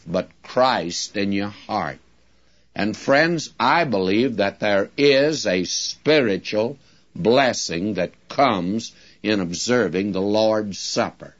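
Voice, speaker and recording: A man teaching a Bible-study sermon in a slow, deliberate, folksy preaching manner, addressing his listeners directly. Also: fairly low pitch, muffled recording.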